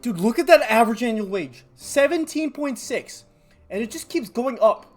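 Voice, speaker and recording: A young man giving excitable commentary on a strategy game as a gaming YouTuber, laughing often and hyping up his audience. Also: extremely high pitch, normal speed, soft background music.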